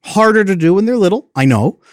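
A man in his thirties giving earnest parenting advice, explaining his points and repeating them for emphasis, his voice jumping up when he gets animated. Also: sits high, fairly quick, dry recording, clean studio sound. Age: 30s.

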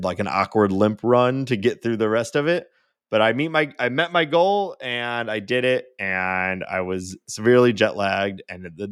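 Low-voiced man on a dry podcast mic. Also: a bit bright, clean tone, dry recording. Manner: rambling, self-interrupting, quick to laugh. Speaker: podcast co-host. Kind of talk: casual chat.

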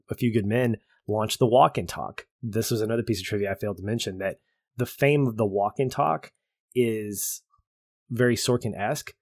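Lower-voiced man enthusing about films. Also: no room sound, studio quality. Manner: enthusiastic, emphatic explainer. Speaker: podcast co-host. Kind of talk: casual film discussion.

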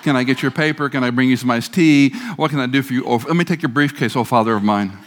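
A man's voice: mid-range voice, fast talker, voice pushed up, close to an everyday voice. A man preacher playing a fawning teenager who sucks up to his father with exaggerated sweetness during a sermon. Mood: mock sweet. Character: fawning teenager sucking up to dad.

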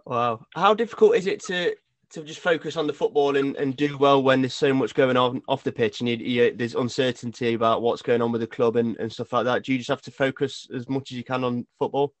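A man's voice: mid-range voice, steady tone, brisk, no room sound. A male interviewer asking a guest earnest questions, restarting his phrasing as he goes. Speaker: radio or podcast interviewer.

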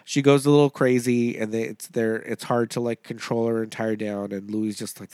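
A man's voice: medium pitch, level tone, brisk, few pauses, darkish tone, clear, resonant tone, no room sound. Podcast co-host, male, loose chatty delivery full of fillers, dry studio sound. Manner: rambling, many fillers, laughs often. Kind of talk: casual movie podcast chat.

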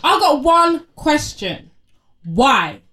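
High-voiced young woman ranting. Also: extremely slow. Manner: expressive, ranting, slangy. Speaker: podcast co-host. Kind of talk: casual chat.

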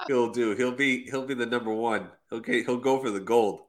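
A man co-hosting a casual sports podcast, speaking in an exasperated, sarcastic way with halting restarts. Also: medium pitch, steady tone. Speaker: podcast co-host.

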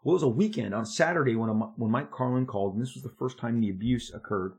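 A middle-aged man, a comic book artist, recounting his career in an animated, confiding monologue with frequent restarts. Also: mid-range voice, brisk, slightly rough. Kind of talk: storytelling monologue.

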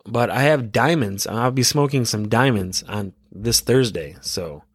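A man's voice: mid-range voice, unhurried, slightly rough, dry recording, studio quality. A man in his thirties hosting a podcast, rambling casually in a laid-back, giggly, stoned way. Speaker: podcast host.

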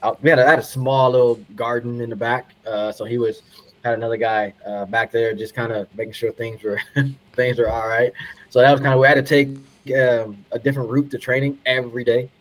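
A man's voice: medium pitch, little pitch movement, brisk, rough recording. Laid-back man telling a story. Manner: laid-back, laughs often, repeats phrases for emphasis. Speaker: podcast guest, retired pro soccer player. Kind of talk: casual storytelling.

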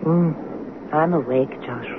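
An actress in a 1970s radio drama playing a middle-aged French wife with a French accent, once in the resistance, talking in a tender, teasing way. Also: female voice, deep voice, takes it slowly. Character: wistful French wife, former resistance fighter. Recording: tinny lo-fi old radio broadcast with hiss.

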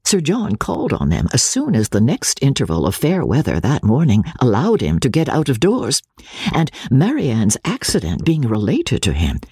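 Expressive woman narrator, husky voice, dry close sound, very lively pitch. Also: no room sound. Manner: expressive, measured storytelling. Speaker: audiobook narrator. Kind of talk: scripted narration of a classic novel.

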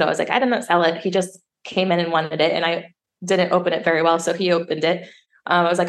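A woman in her thirties, a sommelier guest telling stories in a casual interview, acting out quoted dialogue with jumps in her voice. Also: fast. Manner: lively storyteller, acts out quoted dialogue with pitch jumps. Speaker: sommelier and wine educator guest.

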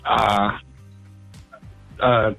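Contestant, male, hesitant and slow, husky voice, dry room. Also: fairly low pitch, little pitch movement, sharp tone, dry recording, soft background music, low-quality recording. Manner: short hesitant answers. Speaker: quiz contestant.

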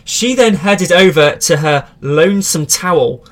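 A man's voice: on the high side, animated, measured pace, a bit bright. Dry man reading tabloid news. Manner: dry, mock-serious reading with asides. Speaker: podcast host. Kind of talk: comic reading of tabloid articles.

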